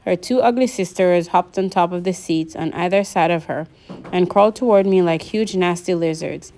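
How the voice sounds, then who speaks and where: A woman narrating a novel aloud in a lively audiobook reading, voicing the characters. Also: fairly low pitch, normal speed, a little hiss or hum.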